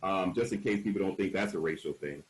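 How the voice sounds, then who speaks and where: Frank, emphatic man with a lowish voice. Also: fast, rough recording. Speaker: panel speaker. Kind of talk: candid personal storytelling at a panel.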